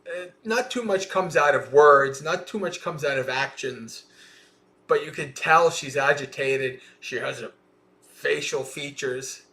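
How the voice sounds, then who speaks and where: A man reading a Buddhist sutta aloud on a livestream and pausing to explain it in a thoughtful, questioning way. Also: a little high, sharp tone. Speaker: Dhamma teacher.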